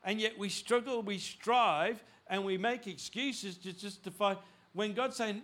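A middle-aged male pastor preaching a sermon, animated, with frequent restarts, growing loud and urgent in places. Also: high-pitched, a little slow. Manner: animated preaching, rising loud when voicing God; frequent restarts and repeated words.

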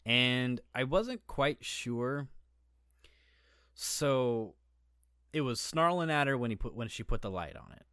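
A man's voice: mid-range voice, animated, slow, long pauses, a bit bright, clear, resonant tone, no room sound, studio quality. Laid-back man rambling on a podcast. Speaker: podcast co-host. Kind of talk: casual chat.

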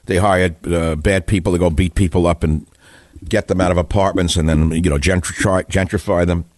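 A man's voice: deep voice, steady tone, moderate pace, darkish tone, dry recording. A man in his seventies hosting a talk radio show, giving an opinionated, rambling and sardonic monologue into a studio microphone. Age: 70s.

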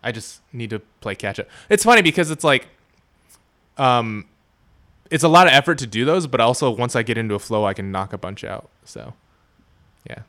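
A man co-hosting a casual podcast, chatty and quick to laugh. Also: mid-range voice, lively intonation, a bit bright. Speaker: podcast co-host. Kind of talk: casual group chat.

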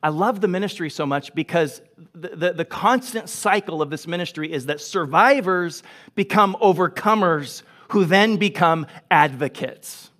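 A man's voice: sits high, moderate pace. A man preaching a sermon as pastor, earnest and emphatic, repeating phrases for emphasis. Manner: drops to a soft, hushed voice when telling a story. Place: church sanctuary.

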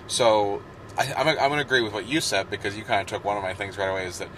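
A man's voice: fairly low pitch, fairly even intonation, quick pace, a bit bright, slight background noise, poor audio. A man hosting a podcast in casual chat, rambling and joking, often breaking off mid-sentence. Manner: rambling, joking, self-interrupting. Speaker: podcast host.

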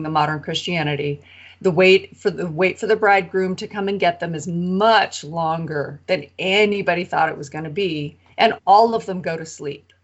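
Low-voiced woman retelling a parable. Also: muffled recording. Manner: animated retelling with acted-out quotes. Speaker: co-host of a Bible study podcast. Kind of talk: casual storytelling of a parable.

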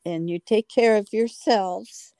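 Slow-talking older woman, laughing easily. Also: medium pitch, mellow. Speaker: guest, host's mother. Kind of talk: casual chat.

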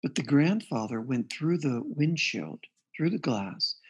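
A man's voice: mid-range voice, sing-song, unhurried, slightly rough. A man being interviewed as a guest therapist, earnestly recounting a client's case and quoting the dialogue. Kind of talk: interview storytelling.

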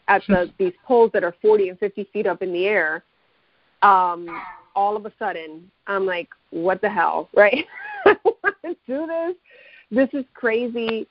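A woman's voice: medium pitch, no room sound. Woman coach telling a candid story. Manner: candid, emotional retelling with frequent restarts. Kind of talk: personal storytelling. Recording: dull, dry lo-fi recording.

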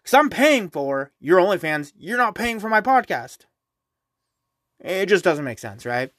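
A man's voice: high voice, very animated, unhurried, fairly bright tone, dry recording, clean studio sound. A young man hosting his own podcast, ranting casually and profanely, rambling and tagging his points with "right?". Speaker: podcast host. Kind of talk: casual solo podcast rant.

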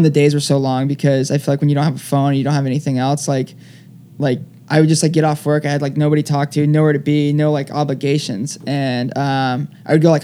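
A young man tells his story in a loose, rambling way, filling every pause with "like" and "um." His voice sits a little high for a man. The tone is soft and mellow. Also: slight background noise. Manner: rambling, heavy use of "like" fillers. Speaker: guest. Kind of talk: casual storytelling interview.

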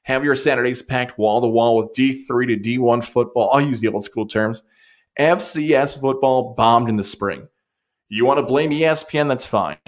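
A man hosting a sports talk show, giving an opinionated, animated monologue. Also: medium pitch. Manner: opinionated, animated, rapid swings. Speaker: sports radio host.

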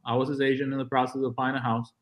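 A real estate agent appearing as a guest on an interview podcast tells stories casually, very fast, in a medium-pitched, level voice. He's blunt and to the point, acting out the dialogue as he goes.

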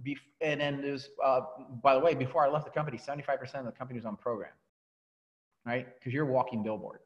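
A man giving a motivational talk to a coaching team, telling his story in an animated way and often restarting his sentences. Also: mid-range voice, fast, dull audio. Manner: animated storytelling, repeats words and restarts, laughs at himself.

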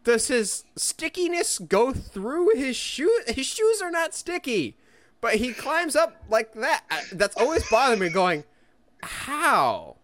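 A young man co-hosting a casual chat, telling stories quickly in a jokey, lively way. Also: very high voice, dry recording. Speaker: podcast co-host.

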